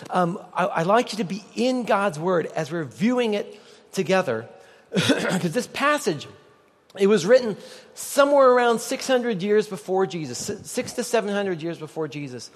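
A man's voice: high-pitched, sing-song, moderate pace. A man preaching a sermon as pastor, conversational and joking with the congregation. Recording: long reverb of a large hall.

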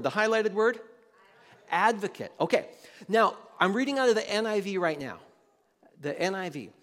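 Pastor, male, high voice; loose, chatty preaching that quizzes the room, reverb-heavy church hall. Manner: conversational, quizzes the room, many restarts. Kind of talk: sermon to a congregation.

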